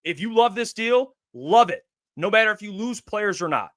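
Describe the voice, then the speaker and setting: Male sports show co-host with a higher, bright, forceful voice; emphatic and insistent in a heated debate. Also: animated, normal speed, no room sound, studio quality. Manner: emphatic, insistent, talks over his co-host.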